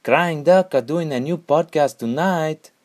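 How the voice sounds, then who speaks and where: A man's voice: on the high side, a little slow, darkish tone, pitched above the performer's own voice, natural voice. A man voicing a tall, mustached, laid-back pool player with a put-on thick Mongolian accent, talking mildly and unbothered. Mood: easygoing. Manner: mild, sighing, unbothered.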